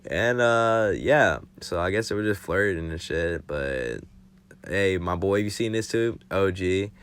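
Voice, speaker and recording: Low-voiced young man rambling through a story. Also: lively intonation, measured pace, fairly bright tone, clean tone. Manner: rambling, profane, full of fillers. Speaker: vlogger. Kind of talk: casual storytime.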